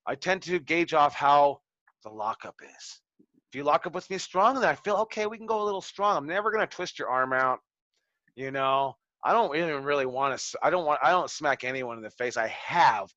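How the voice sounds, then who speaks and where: Wrestling coach, man, 40s, bright forceful voice, cursing storyteller, muffled lo-fi dry sound. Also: on the high side, animated, normal speed, no room sound. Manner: loose, profane, storytelling with acted quotes. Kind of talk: casual classroom talk to students. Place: training school.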